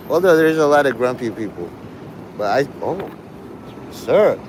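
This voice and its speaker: A man's voice: medium pitch, a little hiss or hum. A man hosting a casual livestream, rambling, laughing often and swearing freely. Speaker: livestream host.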